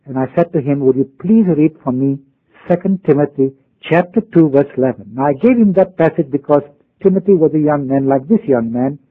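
A middle-aged pastor preaching a radio sermon, telling a story and acting out both sides of the conversation. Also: male voice, fairly high pitch, fairly quick. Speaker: pastor and missionary. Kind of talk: radio Bible teaching. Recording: phone-like radio broadcast.

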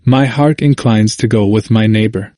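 A man voicing a mild, easily swayed male neighbor who speaks gently. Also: on the low side, normal speed, no echo, studio quality, natural voice. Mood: gentle.

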